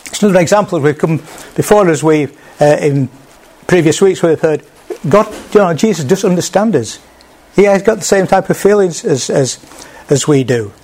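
Guy preaching a sermon, kinda high voice, chatty and relaxed, restarts bits. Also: moderate pace, slightly rough. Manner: conversational, with small restarts, acts out quoted speech.

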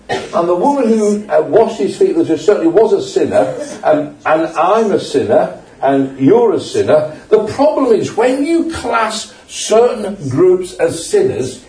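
A man's voice: high voice, big pitch swings, a little slow, mellow. An older man with a humorous, conversational manner, preaching a sermon in a church and putting questions to the congregation. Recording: echoey church hall, mic at a distance.

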